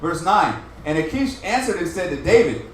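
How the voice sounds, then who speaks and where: A man reading scripture aloud verse by verse in a measured, formal way, now and then stumbling over a word. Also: high-pitched, sing-song, slight background noise. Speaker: scripture reader. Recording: distant, very echoey room.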